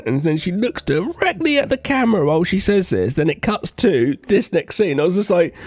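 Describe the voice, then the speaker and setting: Animated, sweary man. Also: a little high, normal speed, hardly any pauses, no echo. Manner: animated, swears freely, acts out film lines. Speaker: podcast co-host. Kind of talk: casual film review chat.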